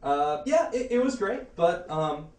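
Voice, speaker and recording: A man's voice: sits high, very animated, measured pace, darkish tone. A man playing a hesitant commercial director who nervously asks his star to redo the take. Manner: hesitant, apologetic, stammering.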